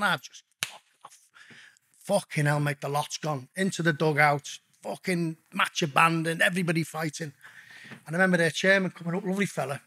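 A man's voice: fairly high pitch, fairly quick. A man, a guest, telling a story casually and animatedly, swearing heavily as he goes. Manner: heavy swearing, animated retelling.

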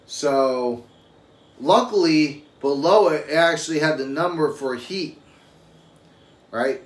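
A man's voice: a little high, takes it slowly, pauses often. A young adult man and father talking casually on a live stream, telling rambling, profane stories. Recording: roomy echo with faint ambient noise.

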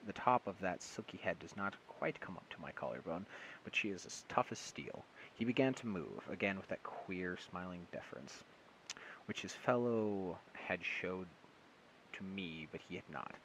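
A man reads a short story aloud in one casual take, his voice a bit low. He trips over words and corrects himself, with a light amused tone. A faint hiss sits under the recording. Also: lively intonation, moderate pace, a bit bright, low-quality recording. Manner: stumbling, self-correcting, with amused asides. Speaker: audiobook reader.

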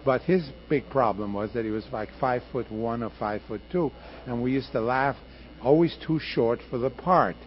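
A man's voice: mid-range voice, moderate pace, few pauses. Passionate older man reminiscing about radio. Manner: emphatic, passionate storyteller. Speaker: radio producer and director, guest. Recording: muffled archival radio interview with faint hiss.

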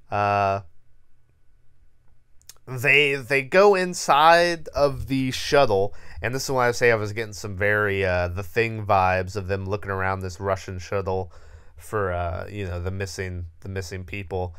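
A man's voice: fairly low pitch, steady tone, moderate pace, fairly bright tone, clean tone. A man co-hosting a podcast, recapping a horror movie in a rambling, profane, laughing way. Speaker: podcast co-host.

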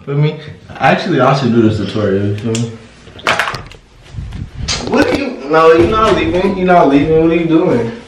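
A man's voice: on the high side, animated, normal speed, long pauses, far from the mic, a little hiss or hum. A young man in a casual vlog, teasing and pleading with his girlfriend and repeating himself over and over. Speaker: vlogger. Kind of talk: casual playful chat. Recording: echoey room, off-mic.

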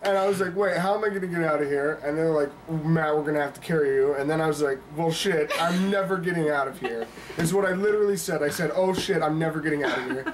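A man's voice: fairly high pitch, fast talker, noisy background, close to an everyday voice. A teenage boy telling a story in casual talk, laughing through it, swearing, and acting out what he said back then. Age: teens. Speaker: teenager in a group. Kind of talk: casual improvised conversation. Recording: distant mic among chattering people.

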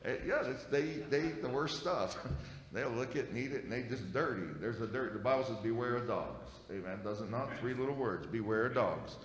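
A male pastor delivers a sermon in a homespun, conversational manner, sprinkling amens between his points. His middle-pitched voice carries a long reverb through a church sanctuary. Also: fairly quick. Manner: folksy, conversational preaching with frequent amens. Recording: echoey church hall.

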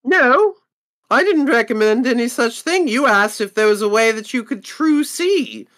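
A woman's voice: fairly high pitch, animated, unhurried, fairly bright tone, voice pushed up. A man voicing a haughty female merchant in a tabletop game, talking in a prim, evasive way with fussy restarts. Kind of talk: tabletop role-play.

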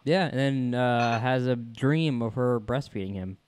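A man's voice: mid-range voice, unhurried, a little mellow, clean tone. A man co-hosting a podcast, recapping a TV episode in a laid-back way, laughing easily and quoting scenes. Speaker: podcast co-host. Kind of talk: casual chat recapping a TV episode.

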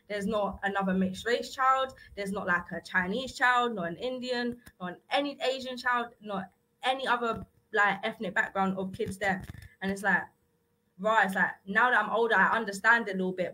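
A woman's voice: medium pitch, pushed and bright, low-quality recording. A young woman, a radio guest chatting casually and rambling with lots of filler words. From South-East England. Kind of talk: casual chat. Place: radio studio.

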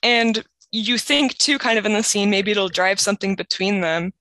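As a podcast co-host, a young woman casually retells scenes from a book, chatting with lots of "like" and easy laughter. Her voice is bright, lively, and medium-pitched at a normal speed, recorded dry and close with almost no room echo.

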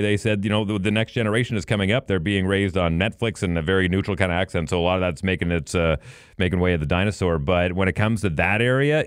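A man's voice: sits low, smooth, dry recording, clean studio sound. A man co-hosting a podcast, chatting casually and going off on enthusiastic tangents to explain trivia. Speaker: podcast co-host.

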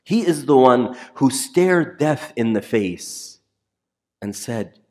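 A male priest giving a sermon in a church. He presses his points by repeating key phrases and often lets his voice sink low and soft for effect. His pitch sits in an ordinary middle range for a man. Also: takes it slowly. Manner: emphatic, repeats key phrases, drops to a near whisper for quiet lines.

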